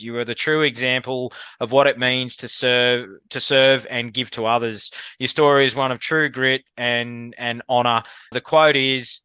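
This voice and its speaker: A man's voice: mid-range voice, smooth, no echo. An Australian man hosting an interview podcast, affirming his guest and saying "mate" often. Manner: warm, affirming, says "mate". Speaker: podcast host.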